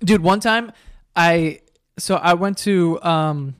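Young male podcast co-host, fast casual delivery, slightly high voice. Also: clean tone. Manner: fast-talking, curses casually. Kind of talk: casual chat.

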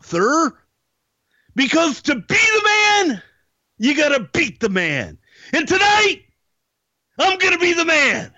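A man impersonating a flamboyant male wrestling champion, shouting boasts in a high voice. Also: huge pitch swings, takes it slowly, pauses often, dry recording, exaggerated voice. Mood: boastful. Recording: dry muffled lo-fi recording.

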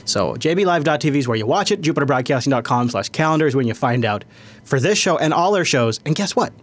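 A man hosting a tech podcast in casual chat, rambling and animated, laughing often. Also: fairly high pitch, fast. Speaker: podcast host.

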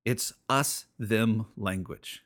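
A man's voice: on the low side, drawn-out words, fairly bright tone. A man hosting a radio show, preaching in an earnest, conversational way and often repeating his phrases. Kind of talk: radio sermon.

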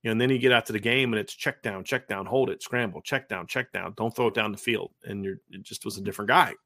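A man's voice: lowish voice, quick pace, pushed and bright, no room sound, studio quality. A man co-hosting a football podcast, giving casual, emphatic analysis and often restarting his sentences. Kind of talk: casual sports analysis chat.

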